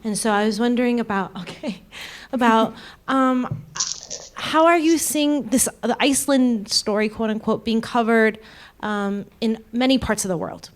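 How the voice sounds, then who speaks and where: A woman's voice: a little high, measured pace. A woman in the audience politely asking the panel two questions, a little hesitant. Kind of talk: question from the floor at a live event.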